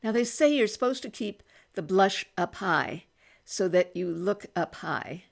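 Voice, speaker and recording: An older woman in her eighties with a gravelly, creaky edge to her voice talks through a makeup try-on. She chats casually and thinks aloud, often starting a sentence over as she works. She is recording in a small room at home. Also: mid-range voice, animated, unhurried. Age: 80s. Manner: chatty, thinks aloud, many restarts while applying makeup. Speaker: beauty vlogger.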